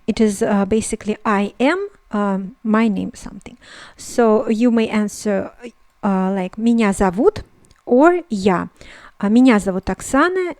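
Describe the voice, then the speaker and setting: Woman, Russian native speaker, online teacher, patient repetition, many fillers, mid pitch, dead dry recording. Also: a little mellow, no echo. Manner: explains slowly, repeats phrases, many fillers. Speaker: language teacher. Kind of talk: online language lesson.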